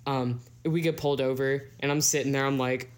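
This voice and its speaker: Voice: medium pitch, steady tone, brisk. Brief: young co-host, rambling casual storyteller, cusses freely. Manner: storytelling, lots of fillers and swearing. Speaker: podcast co-host. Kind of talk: casual chat.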